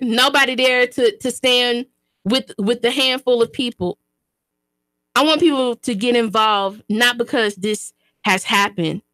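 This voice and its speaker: A woman's voice: a little high, sharp tone, dry recording. A woman hosting a radio talk show, speaking as an activist in an impassioned, emphatic way, often repeating her phrases like a preacher. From Chattanooga, Tennessee, US. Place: radio studio.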